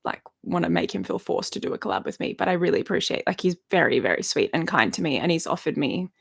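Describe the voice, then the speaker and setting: A woman's voice: lowish voice, sing-song, fast talker, gravelly, slightly rough. A woman, chatting casually on a live stream and answering viewer questions, rambling and laughing often. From Australia. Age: 30s. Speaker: YouTuber hosting a live stream. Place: at home in her bedroom.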